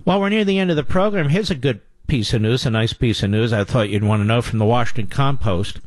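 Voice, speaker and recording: A man's voice: mid-range voice, expressive, brisk, hardly any pauses, no room sound. A male radio talk show host taking calls, emphatic and combative, with sarcastic asides.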